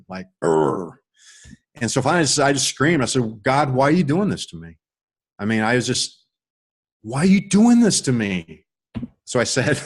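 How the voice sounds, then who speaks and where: A middle-aged man telling a personal story in a casual, rambling way, with many restarts and animated stretches. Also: mid-range voice. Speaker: author and guest on a call.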